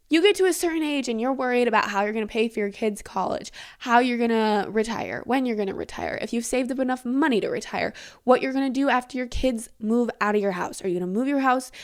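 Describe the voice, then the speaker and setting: Young woman host, late teens, high-ish voice, candid rambling monologue, swears freely. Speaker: podcast host. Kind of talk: casual solo podcast monologue.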